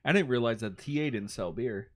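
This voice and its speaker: A man's voice: medium pitch, expressive, a little fast. A man co-hosting a podcast in casual chat, laid-back and jokey, swearing freely as he tells stories. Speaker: podcast co-host.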